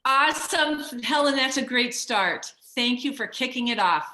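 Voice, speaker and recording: A woman's voice: on the high side, lively intonation, measured pace, pushed and bright, echoey room. A woman hosting a casual group video call, cheerful and encouraging, calling on people by name. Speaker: call host.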